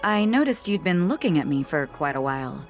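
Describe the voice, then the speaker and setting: Alert, helpful soldier. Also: female voice, low-pitched, very animated, fairly quick. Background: game music.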